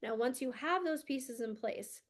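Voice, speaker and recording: A woman's voice: sits high, a little slow. A woman talking as a spiritual mentor in a heartfelt motivational monologue, earnest and emotional, often saying "like", recorded at home. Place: home room with candles and rugs.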